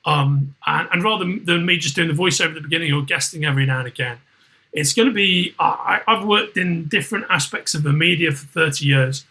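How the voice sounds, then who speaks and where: A man's voice: on the high side, brisk, sharp tone, rough recording. A middle-aged man with a Liverpool accent, hosting a casual podcast chat, rambling with many restarts and swearing freely. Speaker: podcast host.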